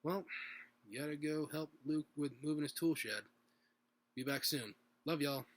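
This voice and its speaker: Easygoing young male superhero, relaxed, slightly high voice, read by a man. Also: unhurried.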